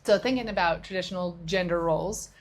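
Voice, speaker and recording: Speaking fast in a fairly low voice, a middle-aged woman chats as a podcast co-host. She recounts a talk she had with a friend, with a few restarts along the way.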